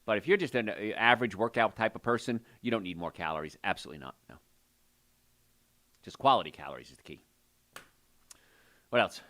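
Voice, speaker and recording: Energetic low-voiced American health host. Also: male voice, a little fast, pauses often. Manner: energetic, salesy, folksy. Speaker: radio show host and doctor. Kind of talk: call-in health radio talk.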